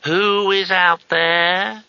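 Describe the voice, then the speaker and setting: Guy doing a snooty old wizard master, slow drawl, high and bright. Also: little pitch movement, creaky, smooth, no echo, heavily acted. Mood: haughty. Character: pompous elderly male wizard master. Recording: slightly dull, dry audiobook recording.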